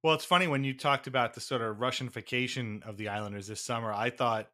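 Podcast co-host, man, casual rambling delivery, bright tone. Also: mid-range voice, fairly even intonation, quick pace. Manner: rambling, restarts often, laughs between thoughts. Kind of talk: casual sports podcast chat.

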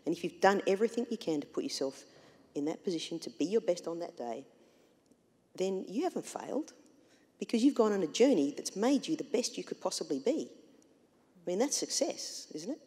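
A woman with a low, dark voice speaks earnestly at a live talk, her pitch rising and falling widely as she makes her points. She poses rhetorical questions to the room. The hall adds a long reverb behind her. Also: sing-song, brisk, slightly rough. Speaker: panel guest. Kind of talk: reflective speech at a live talk. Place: event hall with audience.

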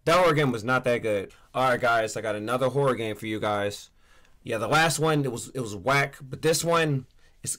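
A young man playing horror games for a channel, excitably yelling at the screen and trash-talking the enemies. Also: medium pitch. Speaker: gaming YouTuber. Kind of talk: let's play commentary.

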